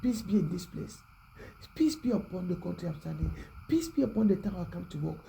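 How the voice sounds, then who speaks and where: A preacher giving a prayerful, repetitive exhortation, often dropping to a hushed voice. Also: mid-range voice, animated, fairly quick, vocal fry, slight background noise, poor audio.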